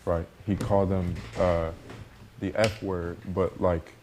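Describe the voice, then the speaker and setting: A man on a panel discussion, speaking in a halting, hesitant way with many restarts. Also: sits low, flat delivery, a little mellow, a little hiss or hum.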